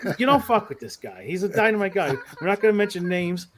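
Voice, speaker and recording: A man's voice: high-pitched, quick pace, a crowd in the background. A man telling rowdy, profane stories in a casual podcast chat, often laughing as he goes. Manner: animated, profane, laughs through his stories. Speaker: podcast guest who works as a mall Santa.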